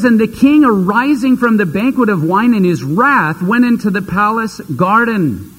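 A man's voice: sits high, breathy edge, long reverb tail, low-quality recording. A man preaching a sermon, retelling a scripture story dramatically and acting out the characters' voices.

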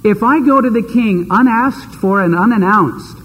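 A man's voice: high-pitched, a bit bright, slight background noise. A man voicing Queen Esther as a reluctant woman who brushes off the request with excuses. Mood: exasperated. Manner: brisk, making excuses. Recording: long hall reverb.

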